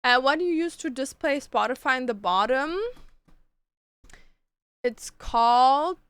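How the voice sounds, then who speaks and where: A woman's voice: sits high, animated, a little slow, smooth, no echo. A woman streamer chatting casually with her chat, gushing about books and shows and swearing freely. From Canada.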